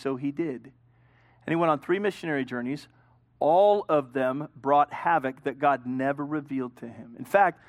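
A man pastor preaching a sermon, swinging between loud emphasis and hushed storytelling. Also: a little high, no echo, studio quality.

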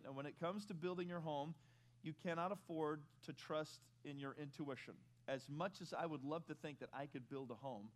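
A middle-aged man preaching to his congregation in a fairly high voice. He starts out chatty and relaxed, then leans hard on key phrases as he builds his points, and leads the room through scripture aloud. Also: fast. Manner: conversational preaching, rising to emphatic stress, leads congregation in reading. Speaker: pastor. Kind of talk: sermon.

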